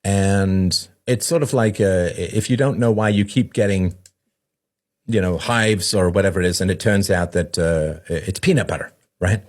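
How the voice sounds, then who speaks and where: A man's voice: sits low, normal speed, darkish tone. A man hosting a talk show, explaining in a conversational way, often asking "right?" and acting out the voices of the people he quotes. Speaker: podcast host. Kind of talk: explanatory monologue.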